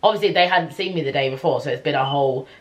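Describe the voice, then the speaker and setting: A young woman telling a personal story to camera in a chatty, animated way, full of slang and fillers. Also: sits low, racing. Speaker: vlogger.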